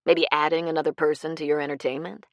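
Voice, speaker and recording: A woman voicing an adult male con man whose smooth charm turns cold and menacing, in an audiobook. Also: low-pitched, flat delivery, fast talker, no echo, muffled recording. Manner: fake charm turning cold and cruel.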